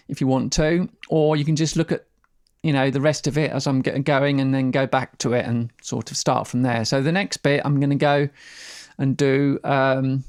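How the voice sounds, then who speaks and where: A man's voice: medium pitch, darkish tone. A man teaching didgeridoo rhythms in a casual, rambling way, sounding out syllables as he explains.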